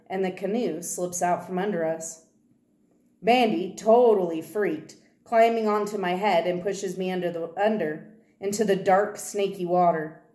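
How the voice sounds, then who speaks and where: A woman reading a children's novel aloud, telling the story in first person with steady delivery. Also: mid-range voice. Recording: roomy echo.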